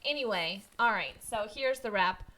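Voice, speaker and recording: A woman co-hosting a casual movie podcast, playful and quick to laugh. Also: mid-range voice, lively intonation, pushed and bright. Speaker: podcast co-host. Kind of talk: casual chat.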